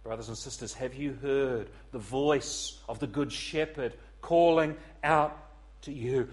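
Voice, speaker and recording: A man with a voice on the high side preaches an evening sermon, earnest and pleading. His delivery swells loud, then sinks almost to a hush, and he repeats words while searching for the right ones.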